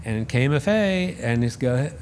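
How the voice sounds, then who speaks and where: Animated storytelling man. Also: medium pitch, normal speed, a little hiss or hum. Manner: animated, self-deprecating, acts out quoted voices. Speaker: podcast guest, radio host. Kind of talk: casual storytelling interview.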